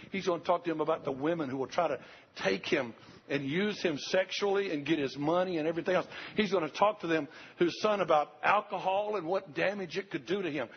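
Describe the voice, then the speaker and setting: A man's voice: fairly high pitch, slightly rough. An older man preaching a sermon, earnest and repetitive, speaking straight to the congregation. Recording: dull lo-fi recording.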